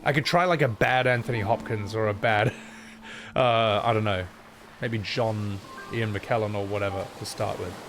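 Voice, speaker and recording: A man's voice: fairly low pitch, normal speed, a bit bright. A male streamer chatting casually while playing a game, rambling, joking and swearing. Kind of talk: casual livestream chat. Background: game music.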